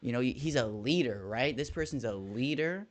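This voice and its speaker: A man's voice: mid-range voice, normal speed. A young man, a first-grade teacher, telling a story in casual podcast chat and dropping slang. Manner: animated storytelling with slang like "dog".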